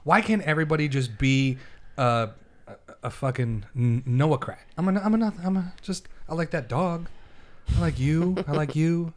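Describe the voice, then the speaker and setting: A man's voice: fairly high pitch, normal speed. A young man hosting a podcast, ranting heatedly and swearing in casual chat. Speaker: podcast host.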